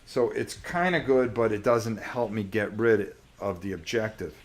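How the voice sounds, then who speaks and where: Sore-voiced male stream host, unhurried, rules-checking chatter. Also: on the low side, a little hiss or hum. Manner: thinks aloud, checks rules, mutters to himself. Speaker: host playing a solo board wargame on a live stream. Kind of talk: casual live-stream gameplay commentary.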